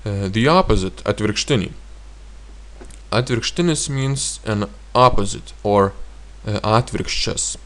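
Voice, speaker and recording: A man with a Lithuanian accent teaching grammar in a slow, halting way with frequent fillers. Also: on the low side, animated, a bit bright. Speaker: language teacher.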